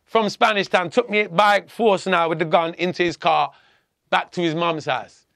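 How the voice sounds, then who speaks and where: High, gravelly man telling stories. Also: moderate pace, dry recording, studio quality. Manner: profane, animated, acts out quoted dialogue. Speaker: podcast guest. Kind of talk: casual storytelling.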